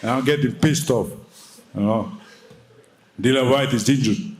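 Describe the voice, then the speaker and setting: A man's voice: medium pitch, unhurried. A young man answering at a boxing press conference, fiery, defiant and full of swearing.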